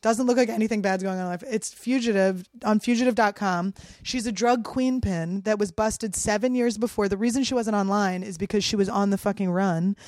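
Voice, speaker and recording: Profane, animated woman telling a story. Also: medium pitch, brisk, few pauses, no room sound, clean studio sound. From Philadelphia. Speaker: comedian guest. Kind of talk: casual storytelling.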